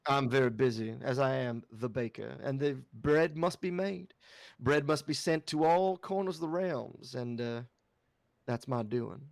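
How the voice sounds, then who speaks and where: A man's voice: mid-range voice, a little slow, vocal fry, no echo, studio quality. A man voicing a huge, muscular, hardworking woman baker who speaks politely and plainly.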